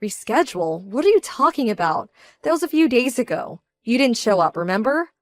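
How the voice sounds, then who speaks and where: A woman voicing a young bride-to-be who sounds indignant, measured and cold. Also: a little high, big pitch swings, dry recording, soft background music. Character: young bride-to-be, hurt and proud, quietly fierce. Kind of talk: scripted story drama.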